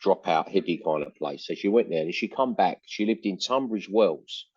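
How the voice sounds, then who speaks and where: A man's voice: deep voice, lively intonation, normal speed, darkish tone, slightly rough, no room sound, muffled recording. An older man with an East London accent, a musician telling long rambling anecdotes in a casual interview. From England. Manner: rambling anecdotes with frequent fillers and restarts.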